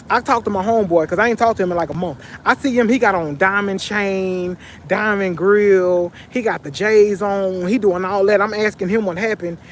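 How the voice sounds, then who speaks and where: A man vlogging, telling a story in casual, animated slang with lots of repetition, sitting on a bench. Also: high-pitched, a little hiss or hum.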